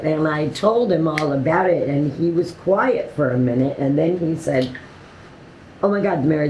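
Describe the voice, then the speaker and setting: A woman casually telling a personal story, quoting others with animated voices and laughing often, with many "like" fillers. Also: sits low, unhurried, roomy sound, a little hiss or hum, low-quality recording. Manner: animated retelling with quoted dialogue and laughter; frequent "like" fillers.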